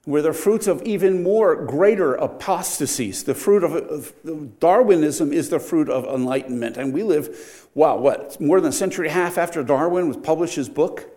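An older man, a pastor, preaching a sermon with wry humor and sharp swings between loud emphasis and quiet, earnest moments. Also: a little high, normal speed, few pauses.

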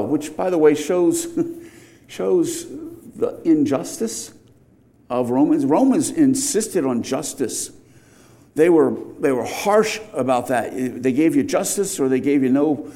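A man's voice: medium pitch, warm tone. A middle-aged man preaching a verse-by-verse sermon, explaining the text and rising to emphatic outbursts on key points.

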